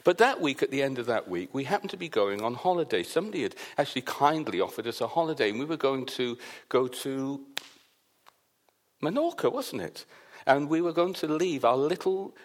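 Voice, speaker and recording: A man's voice: mid-range voice, fairly quick. A man from Wales, a pastor preaching a sermon and telling a personal story while acting out what others said. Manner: animated storyteller, acts out the quoted voices.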